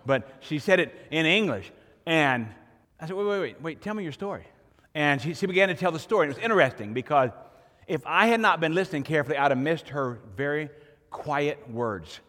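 A man's voice: fairly high pitch, expressive, brisk, a bit bright, long reverb tail. A pastor giving a sermon to his congregation in a church, preaching earnestly and building to emphatic points. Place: church sanctuary.

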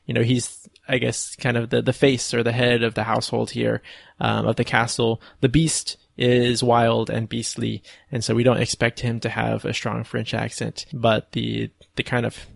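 Gravelly, hesitant man chatting. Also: medium pitch, no echo, clean studio sound. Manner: thoughtful, hesitant, with fillers. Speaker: podcast co-host. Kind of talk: casual film discussion chat.

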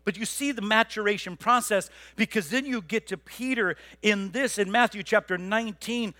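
A male pastor delivering a passionate sermon to his congregation, swinging from loud rallying appeals to low, quiet emphasis. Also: normal speed, no room sound. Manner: passionate preaching, swelling loud then dropping low; repeats words, conversational asides to the congregation. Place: church.

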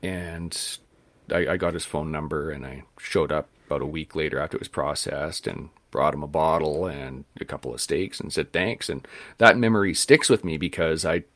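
A man's voice: sits low, fairly bright tone, no echo. A man, co-hosting a podcast interview, telling a story and acting out the voices of the people in it. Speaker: podcast co-host.

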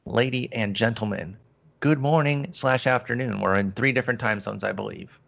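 A man's voice: mid-range voice, moderate pace, gravelly, a bit bright, muffled recording. A man hosting a sports podcast, chatting casually in a jokey, rambling way. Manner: jokey, rambling, laughs easily. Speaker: podcast host.

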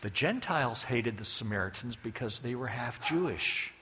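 A man's voice: mid-range voice, expressive, moderate pace, background noise. A man preaching a sermon as a folksy, joking storyteller, with long hall reverb behind him.

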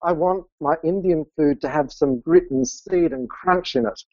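A man's voice: fairly high pitch, moderate pace, gravelly, no room sound, highs cut off. A middle-aged man, a business mentor and podcast guest, who speaks earnestly, laughs often and gets openly emotional. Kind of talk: conversational interview.

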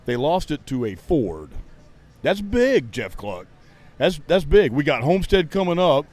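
A man's voice: on the high side, big pitch swings, measured pace, a little mellow. A man, a podcast host and racing fan, ranting in a heated, sarcastic, profane way during a casual chat. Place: outdoors at a racetrack.

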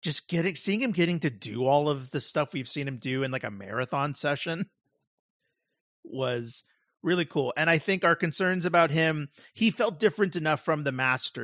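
A man's voice: on the high side, lively intonation, normal speed, fairly bright tone, no room sound, studio quality. A male podcast co-host talking casually and rambling, full of "like" and restarts. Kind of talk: casual chat.

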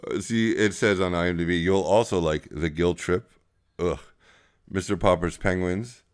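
Low-pitched man, dry sarcastic podcast co-host, casual comic banter. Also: fairly even intonation, moderate pace, clear, resonant tone, dry recording. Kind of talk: casual comedic chat.

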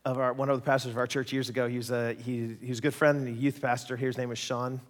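A man preaching a sermon, telling stories in a lively, joking way and acting out voices. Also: medium pitch, quick pace. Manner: animated, jokey, acts out voices in stories. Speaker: pastor. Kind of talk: sermon with storytelling. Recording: long hall reverb.

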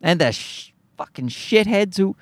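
Guy ranting alone on his podcast, really high voice, swears a lot, dry close sound. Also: expressive, measured pace, no echo. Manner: exasperated, profane, rambling. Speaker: podcast host. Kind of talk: solo podcast rant. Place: recorded at home at night.

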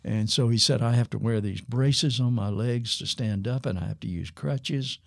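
A man's voice: medium pitch, vocal fry, no echo, studio quality. An older man, a former missionary pastor, telling a story in an interview and acting out the lines of the people in it. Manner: unhurried storytelling that acts out quoted dialogue.

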